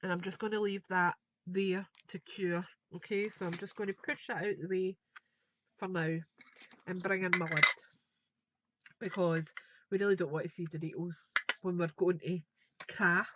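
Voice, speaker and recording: A woman's voice: lowish voice, fairly even intonation, normal speed, muffled recording, background noise. Chatty woman crafting aloud. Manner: chatty, thinking aloud while working. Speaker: craft tutor. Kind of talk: live craft tutorial.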